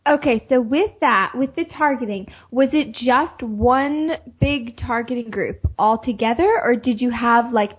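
A woman's voice: on the high side, husky. A woman hosting a podcast interview, asking a probing follow-up question. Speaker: podcast host. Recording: dull, lo-fi remote audio.

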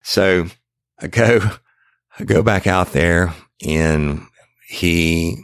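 A man's voice: deep voice, extremely slow, clear, resonant tone, dry recording. A middle-aged man, telling a true-crime story in a rambling, casual way and repeating himself often. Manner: rambling, repeats himself, tags every quote with "I said". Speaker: podcast host and former investigator.

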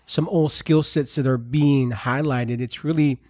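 A man hosting a podcast conversation, affirming his guests and pausing often with fillers as he thinks aloud. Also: medium pitch, steady tone, darkish tone, no room sound, clean studio sound. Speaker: podcast host.

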